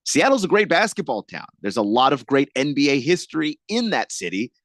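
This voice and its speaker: A man's voice: mid-range voice, very animated, a little fast, a bit bright, no echo, clean studio sound. A man co-hosting a casual sports radio show. He laughs often and stumbles over his restarts.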